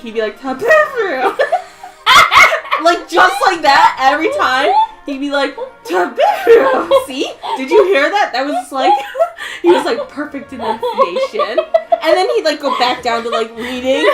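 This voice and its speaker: A woman's voice: high voice, sing-song, unhurried. A young woman chatting casually while playing a game, rambling, giggling often and swearing freely. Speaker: let's play co-host. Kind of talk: casual chat over gameplay. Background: faint game music.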